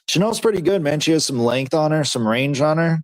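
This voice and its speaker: A man hosting a livestream, reacting excitedly to fights as they happen and reading chat in a slangy, casual way. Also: a little high, fairly quick, no room sound. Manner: excitable, slangy, talks to chat as dude and bro. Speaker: livestream host.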